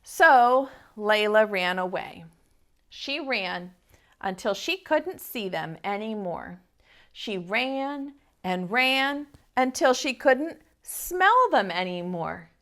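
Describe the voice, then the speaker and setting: A young woman who teaches preschool reads a picture book to little kids, animated and expressive. Her pitch sits in the middle and she reads slowly.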